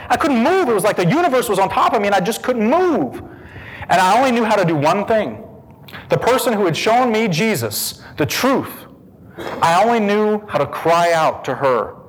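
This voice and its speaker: Guy telling his testimony, kinda high voice, pitch all over the place, goes quiet then gets really worked up. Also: long reverb tail, rough recording. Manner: emotional storytelling, swings from hushed to excited. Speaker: speaker giving testimony. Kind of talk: personal testimony.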